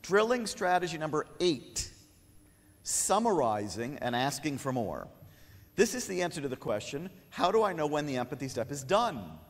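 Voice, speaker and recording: Man lecturing in a reverberant hall. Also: on the high side. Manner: humorous, animated, acts out a kid's lines. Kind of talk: conference lecture. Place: conference hall.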